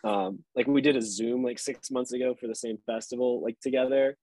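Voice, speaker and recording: A man's voice: medium pitch, steady tone, a little fast, mellow. A man in his thirties, an actor guest on a podcast, telling laid-back stories and swearing casually.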